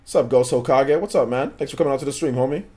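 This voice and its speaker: A man hosting a gaming livestream races through casual chat in a warm, mid-range voice. He's laid-back and slangy, frequently repeating himself while responding to viewers.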